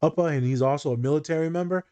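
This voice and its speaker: A man's voice: a little high, rapid-fire, warm tone. A man co-hosting a casual podcast chat, telling blunt, profane stories about his work as a therapist.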